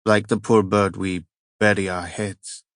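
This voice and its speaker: A man voicing a tall, solemn and persuasive Italian monk with a heavy Italian accent, speaking slowly and with measured care. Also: sits low, little pitch movement, a bit bright, no room sound, clean studio sound.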